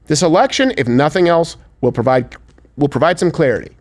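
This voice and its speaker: Male host, sarcastic comedic commentary, a bit high-pitched. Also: lively intonation, brisk. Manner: sarcastic, slips into mocking impressions. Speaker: show host. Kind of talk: crude comedic political commentary.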